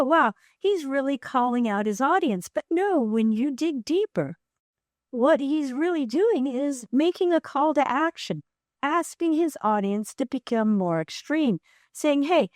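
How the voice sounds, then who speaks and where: A woman hosting a show, giving measured, explanatory commentary between clips. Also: high-pitched, no room sound, studio quality. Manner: measured, explanatory, guides the viewer.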